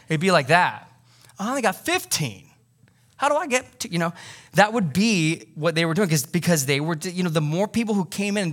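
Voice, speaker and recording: A man preaching with an easygoing, conversational delivery that slips into jokes and then lands his points firmly. His voice sits a little higher than most men's. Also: a bit bright. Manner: conversational, joking, emphatic. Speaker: pastor. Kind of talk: sermon.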